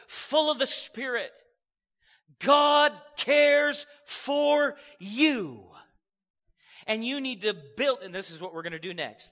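A man delivers an energetic sermon to his congregation, teasing and acting out the voices of people he quotes. His voice sits high and rings bright. The sound carries the long reverb of a church hall. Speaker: preacher.

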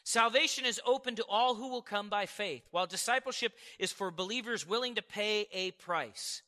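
High-voiced, bright-toned preacher, animated. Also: male voice, moderate pace. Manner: animated, storytelling with acted-out quotes and chuckles. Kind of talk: sermon. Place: church service before a congregation.

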